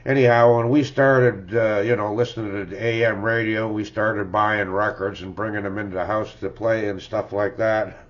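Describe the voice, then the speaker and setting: A man's voice: on the low side, steady tone, moderate pace, hardly any pauses. Older man rambling about records. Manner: rambling, chuckling, tags lines with "eh?". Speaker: music collector vlogger. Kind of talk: casual reminiscing about records. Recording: dull lo-fi home recording.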